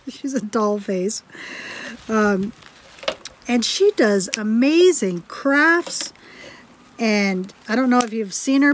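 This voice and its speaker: A woman homestead vlogger chatting casually while doing crafts at home. She laughs often and drifts into quiet asides as she works. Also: fairly high pitch, a little hiss or hum.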